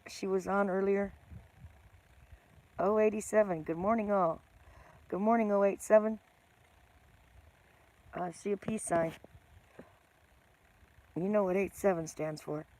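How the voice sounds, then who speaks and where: A woman's voice: mid-range voice, unhurried, pauses often, a little mellow. A middle-aged woman hosting a casual live stream, greeting viewers by name and teasing herself.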